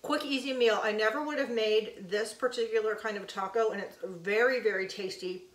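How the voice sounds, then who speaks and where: A chatty woman talks viewers through a home cooking vlog, pitched a little high. Her voice is picked up from a distance, and her kitchen sounds echoey around her. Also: a little fast. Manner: chatty, folksy, addresses viewers as y'all. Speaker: cooking vlogger.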